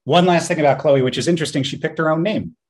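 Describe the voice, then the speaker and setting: A man co-hosting a podcast in casual chat, telling stories in an animated way and laughing often. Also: on the high side, fast talker. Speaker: podcast co-host.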